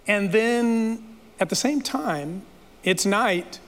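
A man's voice: sits high, drawn-out words. A man preaching a sermon, retelling a story in a dramatic, playful way with asides to the listeners. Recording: long reverb of a large hall.

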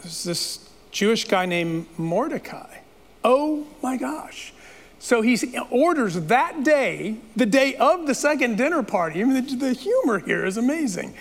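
A man's voice: sits high, a bit bright. A man preaching a sermon, retelling a story in a dramatic, playful way with asides to the listeners. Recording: long reverb of a large hall.

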